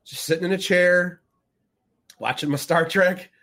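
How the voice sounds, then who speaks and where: A man's voice: high voice, a little slow, fairly bright tone. A man co-hosting a podcast in casual chat, rambling with lots of fillers and acting out quotes as he goes. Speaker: podcast co-host.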